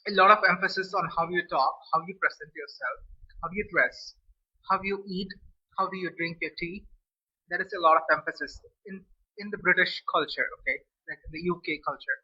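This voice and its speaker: A man's voice: high voice, moderate pace, bright, forceful tone, breathy edge. A man from India, chatting casually to camera as a food vlogger, rambling and restarting his phrases. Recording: dull lo-fi recording.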